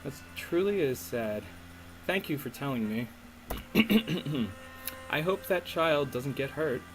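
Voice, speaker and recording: A man's voice: on the high side, expressive, takes it slowly, slight background noise, poor audio. A man reading the lines of an earnest young woman heroine aloud in a game, in his own voice. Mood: curious. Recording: faint music underneath.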